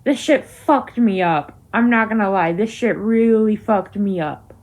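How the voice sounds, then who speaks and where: A woman's voice: mid-range voice, unhurried, darkish tone. A young woman ranting heatedly to camera in a vlog, emphatic and swearing often. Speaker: vlogger. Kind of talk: angry to-camera vlog rant.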